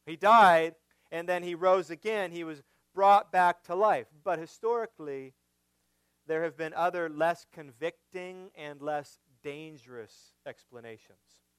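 Male pastor preaching a sermon; smooth, clear voice in a dry, close room. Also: fairly high pitch, no echo. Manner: slow, emphatic preaching that rises when stressing a point. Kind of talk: expository sermon.

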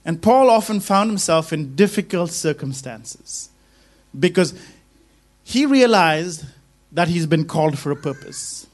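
Male preacher, high voice, emphatic, repeats key lines for effect. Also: darkish tone. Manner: emphatic, stresses single words, repeats phrases. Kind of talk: sermon.

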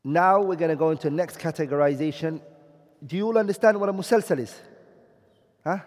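A man lectures to a class in a fairly high voice, slowing down to explain and pausing to ask if everyone follows. His voice rings with long reverb from a large room. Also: a little mellow. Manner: explains slowly, checks understanding with questions. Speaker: teacher.

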